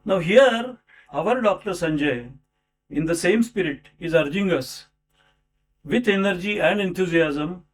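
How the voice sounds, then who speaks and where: A man's voice: high voice, expressive, measured pace. A man giving a formal speech at a book launch, introducing an author with rhetorical questions and asides. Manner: rhetorical, with many fillers and asides.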